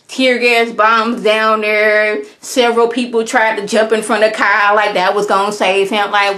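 A woman casually recapping a TV episode in colloquial, animated speech. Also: medium pitch. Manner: animated, colloquial, acts out characters' lines. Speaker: TV show reviewer.

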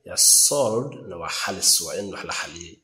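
Slow, emphatic male teacher. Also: low-pitched, very animated, reverberant. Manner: repeats each sentence slowly and loudly, then explains. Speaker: English teacher. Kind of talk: bilingual language lesson.

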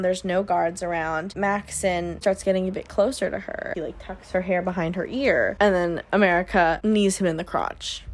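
A young woman giving a casual, sarcastic book recap, acting out the characters' lines in quick bursts. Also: medium pitch. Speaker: book reviewer.

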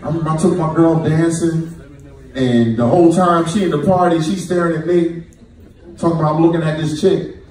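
Delivering a stand-up routine fairly quickly in a high voice, a man tells animated stories and acts out how his friends talk. It's recorded in an echoey club with a far-off mic, slight hiss or hum, and laughter from the audience.

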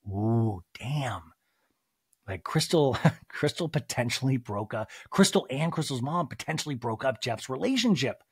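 A man's voice: medium pitch, measured pace, slightly rough, no room sound, clean studio sound. A man hosting a podcast, giving a comedic recap of a reality TV episode and acting out the cast's dialogue. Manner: animated, acts out the scene's dialogue. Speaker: podcast host.

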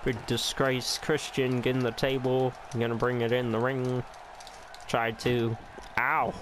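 Man, casual gameplay commentator, slow-paced, excitable gasps, sarcastic jokes, noisy home recording. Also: medium pitch. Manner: excitable, reacting with gasps and swearing; joking, sarcastic asides. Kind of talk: casual let's-play commentary.

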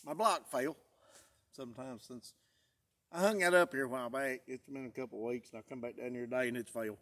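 A man's voice: medium pitch, a little fast, fairly bright tone. Rambling man outdoors. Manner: folksy, rambling, repeats himself. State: tired. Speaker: vlogger. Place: outdoors in the woods.

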